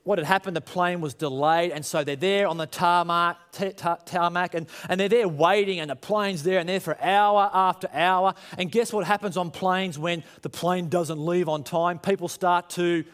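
A man's voice: sits high, steady tone, moderate pace, hardly any pauses, a bit bright, smooth. A man, preaching a conversational sermon to his congregation and rising in emphasis as he tells stories. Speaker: pastor.

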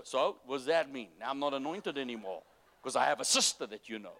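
A man preaching a sermon, moving between loud, urgent exhortation and soft, low-voiced asides to the congregation. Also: expressive, a little fast, vocal fry. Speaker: pastor.

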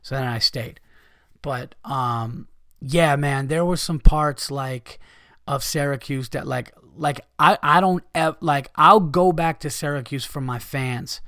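Animated swearing man telling a story. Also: mid-range voice, takes it slowly, dry recording, clean studio sound. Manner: animated, swearing, acts out quoted people. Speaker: comedian and podcast host. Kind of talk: casual storytelling monologue.

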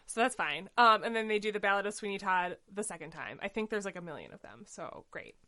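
Bright-voiced chatty woman. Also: medium pitch, expressive. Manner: chatty, quick paraphrasing with mock quotes and laughs. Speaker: podcast co-host. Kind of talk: casual chat recapping a musical.

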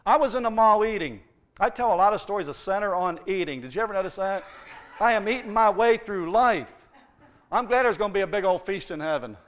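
A middle-aged male pastor delivers a sermon in a high voice. He tells stories from his week with humour and pushes his points with lively emphasis. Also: fairly quick. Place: church.

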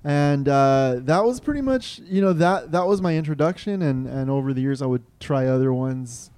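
A man with a mellow, dark voice co-hosts a casual beer podcast. He describes the beer carefully, stopping to search for the right words. The sound is dry and close. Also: medium pitch, moderate pace, smooth, dry recording. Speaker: podcast co-host. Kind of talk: casual beer-tasting chat.

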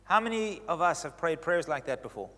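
A man preaching in a large hall, and his voice trails off into a long reverb. His voice sits fairly high for a man. He gets animated, with sudden swings in pitch and loudness as he makes his points. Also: fairly quick. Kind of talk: sermon.

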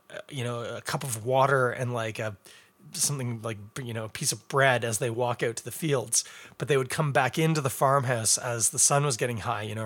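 Man, middle pitch, casual livestream chat, rambling, joking asides. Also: a bit bright. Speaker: beer reviewer.

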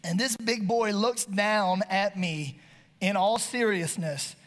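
A man spins a comic personal story for an audience, folksy and lively. He leaps into shouted lines when he replays his own warnings. The sound carries a long hall reverb. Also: high-pitched, measured pace. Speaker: speaker telling a personal story.

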